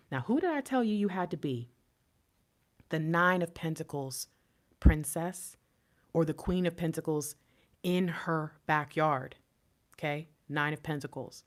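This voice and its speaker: A woman giving an emotional tarot reading to her viewers, swinging between hushed whispers and loud impassioned pleading, shaking and near tears. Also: sits low, animated, a little slow, pauses often. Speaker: intuitive tarot reader.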